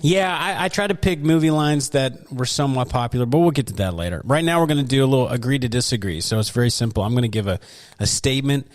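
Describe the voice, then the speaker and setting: Playful male host, mid-pitched, expressive delivery, casual podcast chat. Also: fast, hardly any pauses. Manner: playful, laughs often, reads news items aloud.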